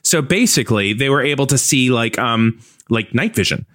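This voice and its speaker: A man's voice: medium pitch, expressive, normal speed, a bit bright, no echo. Dry-voiced rambling male co-host. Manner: rambling, self-deprecating storyteller. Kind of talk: casual morning-show banter.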